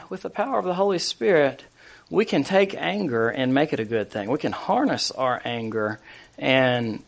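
A man's voice: fairly high pitch, a bit bright. A man preaching a sermon in a conversational way, with frequent fillers and restarts. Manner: conversational preaching with many fillers and restarts, scripture read aloud. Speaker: pastor.

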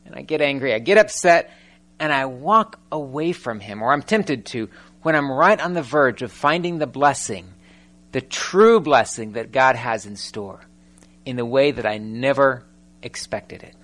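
A man preaching a sermon, telling the story with animated storytelling and firing rhetorical questions at the congregation. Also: mid-range voice, measured pace. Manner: animated storytelling, acting out scripture characters.

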